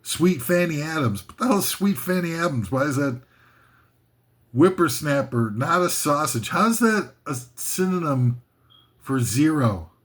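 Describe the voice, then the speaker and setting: A man's voice: fairly high pitch, expressive, measured pace. A man hosting a comic list video, rambling and self-mocking as he drifts off topic.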